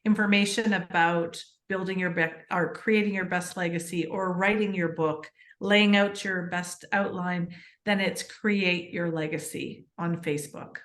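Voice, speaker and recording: A woman's voice: fairly low pitch, measured pace, echoey room. A woman guest on a podcast, chatting earnestly about her book and telling stories with lots of fillers. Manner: earnest, animated storytelling with many fillers. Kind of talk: casual interview chat.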